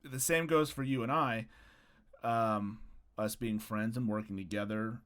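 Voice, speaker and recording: This podcast host talks a little slowly in a lowish voice. Chatting casually with a friend, he's lively, cracks jokes, swears freely, and tends to trail off mid-thought.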